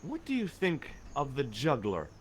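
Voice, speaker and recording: A man's voice: medium pitch, wildly swooping pitch, unhurried, a little hiss or hum. An actor playing a wry male adventurer who narrates his own exploits with dry sarcasm.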